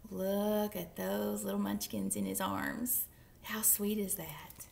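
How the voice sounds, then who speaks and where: Librarian lady doing story time, slow easy reading, gravelly voice, bouncy tone. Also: mid-range voice, slight background noise. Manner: animated, playful, whispering asides. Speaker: children's librarian. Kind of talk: story time read-aloud.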